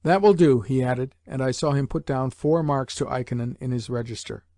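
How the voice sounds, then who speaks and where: A male audiobook narrator reads a classic novel in a steady, measured way. His mid-range voice is recorded close and dry with no room around it. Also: medium pitch, dry recording. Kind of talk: scripted narration.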